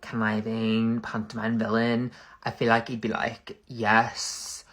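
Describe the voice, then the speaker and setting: A man, rambling through a casual comedic monologue full of "like" and quick backtracking. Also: fairly low pitch, monotone, fairly bright tone. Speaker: content creator.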